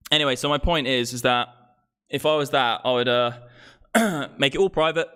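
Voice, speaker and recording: This young crypto streamer has a mid-range voice that's bright, forceful, clear and resonant, delivered at normal speed. On his livestream he launches into a profane political rant, getting worked up into the streaming mic.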